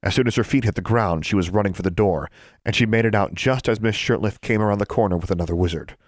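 Audiobook narrator, man, very low voice, dry booth sound, measured delivery. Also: no echo. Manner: steady, measured storytelling. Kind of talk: scripted narration.

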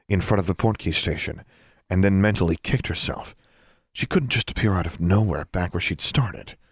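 A man reading fiction aloud as narrator in a measured, quietly dramatic way. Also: low-pitched, husky, no room sound, studio quality.

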